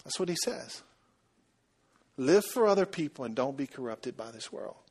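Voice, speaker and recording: A man preaching a sermon, telling a story and asking the congregation questions in a lively, conversational way. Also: medium pitch, normal speed, slightly rough. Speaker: pastor.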